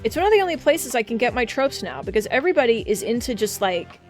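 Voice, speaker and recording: Woman, casual live-stream chat, excitable, profane, slightly high pitch, soft background music. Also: quick pace. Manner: excitable, swears a lot, frequent laughing outbursts.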